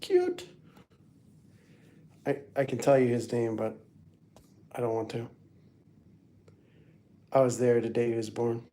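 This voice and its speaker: A man's voice: mid-range voice, little pitch movement, moderate pace, pauses often, dark tone. A middle-aged man hosting a casual livestream, rambling through family photos and chatting to viewers by name. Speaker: livestream host.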